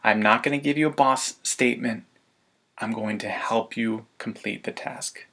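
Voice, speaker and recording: Gravelly-voiced man coaching parents. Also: medium pitch, moderate pace. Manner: lively, laughs often, acts out parent demands. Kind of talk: webinar presentation.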